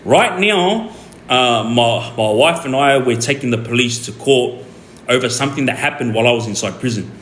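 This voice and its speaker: A young Australian man telling a story on his stream in a rambling, animated way, full of fillers and restarts. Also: medium pitch, moderate pace. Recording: echoey room with faint ambient noise.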